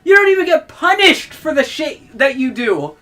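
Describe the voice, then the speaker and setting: A woman's voice: high voice, big pitch swings, moderate pace, fairly bright tone. A young adult woman streamer ranting in heated, profane commentary and laughing between outbursts.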